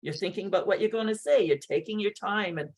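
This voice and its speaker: A woman's voice: medium pitch, fast talker. Enthusiastic woman speaking coach. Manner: warm, enthusiastic praise. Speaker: speaking coach hosting a session. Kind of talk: encouraging feedback on a video call.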